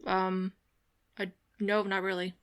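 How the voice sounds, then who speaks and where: Brief: a woman tabletop player, even mid pitch, formal in-character greetings. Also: slow pace, clear, resonant tone. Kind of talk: tabletop role-play.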